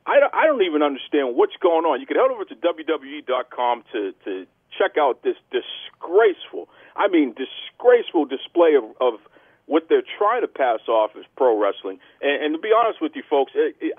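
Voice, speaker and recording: A man's voice: on the high side, very animated, fairly quick, breathy edge, no room sound, phone-quality sound. Brash man hosting a phone-thin podcast. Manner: boastful, theatrical heel persona. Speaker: podcast host. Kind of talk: brash wrestling podcast talk.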